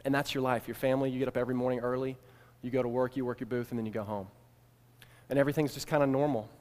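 A man preaching a sermon, retelling an ancient scene in the second person and shifting between hushed and emphatic delivery. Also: mid-range voice, fairly even intonation, racing. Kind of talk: sermon storytelling. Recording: long hall reverb.

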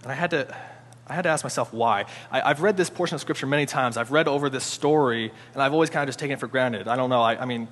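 A man giving a conversational sermon, informal and animated, often restarting his sentences. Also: medium pitch, rapid-fire, few pauses. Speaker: preacher. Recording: long hall reverb.

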